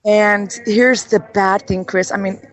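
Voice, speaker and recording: A woman's voice: mid-range voice, steady tone, slow, soft background music. Playful woman in her forties, laughing. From Miami, Florida. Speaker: guest. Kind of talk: casual chat on a phone call. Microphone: phone.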